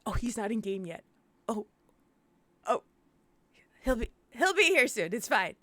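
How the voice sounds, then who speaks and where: A woman hosting a live-stream interview, excitable and gushing, swearing freely. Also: medium pitch, moderate pace, long pauses, no echo. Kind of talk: casual live-stream chat.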